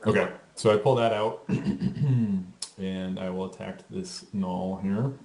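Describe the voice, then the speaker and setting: Low-voiced hesitant player in a roomy space. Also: male voice, steady tone, takes it slowly, dark tone. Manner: hesitant, polite rules questions. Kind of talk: tabletop game play. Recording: roomy echo.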